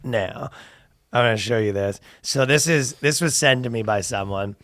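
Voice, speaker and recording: A man's voice: mid-range voice, moderate pace, fairly bright tone, no echo, clean studio sound. A man hosting a podcast in casual chat, joking and acting out quotes with a laugh. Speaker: podcast host.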